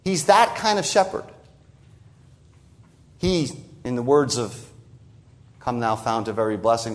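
A man preaching an expository sermon, stressing key phrases and quoting scripture slowly for emphasis. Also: very animated. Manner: emphatic, rising on key phrases and dropping low at the ends of lines; repeats words for stress and quotes scripture in a slowed voice.

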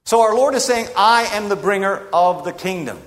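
Man, preacher, sermon, rhetorical, dramatic pauses, high pitch, reverberant church. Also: expressive, a bit bright. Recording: long reverb of a large hall.

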